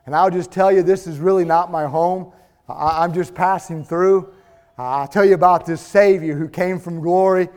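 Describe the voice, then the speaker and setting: A man's voice: high-pitched, fairly even intonation, normal speed, darkish tone, clear, resonant tone, pitched below the performer's own voice, natural voice. A man playing the apostle Paul in a sermon, an earnest jailed man testifying. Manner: earnest, confessional.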